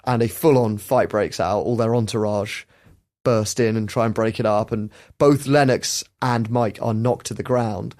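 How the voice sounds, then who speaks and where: A man's voice: on the low side, fairly even intonation, moderate pace, darkish tone. A man hosting a podcast, chatty, often laughing as he tells a story. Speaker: podcast host.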